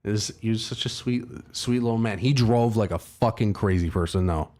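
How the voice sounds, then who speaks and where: A man with a lowish voice chats casually to a live audience. He rambles through an anecdote, swearing freely and poking fun at himself. His delivery is loose and conversational. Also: fairly quick, mellow. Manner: rambling, profane and self-mocking, with laughs. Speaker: livestream host. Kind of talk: casual storytelling to a live chat.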